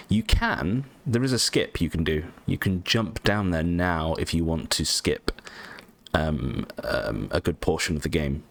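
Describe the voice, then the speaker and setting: Let's-play host: low-pitched man, rambly and animated, swears casually over gameplay. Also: vocal fry. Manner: rambling, lots of ums, casual swearing, self-mocking. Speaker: gaming channel host.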